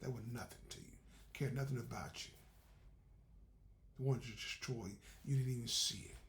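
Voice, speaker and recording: A man's voice: mid-range voice, moderate pace, a little hiss or hum. A man giving a faith-based motivational talk in a conversational, repetitive, preacherly way. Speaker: motivational speaker.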